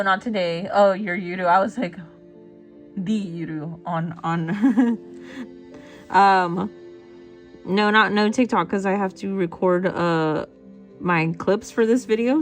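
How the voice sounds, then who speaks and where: A woman hosting a relaxed art livestream, reading viewers' messages aloud and answering them with frequent giggles. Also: fairly low pitch, measured pace, soft background music. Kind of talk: casual chat with viewers.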